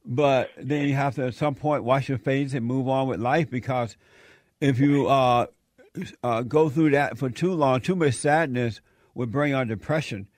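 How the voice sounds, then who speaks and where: A man's voice: medium pitch, unhurried, a little mellow, no room sound, studio quality. An older man hosting a radio talk show, consoling a caller and repeating praise.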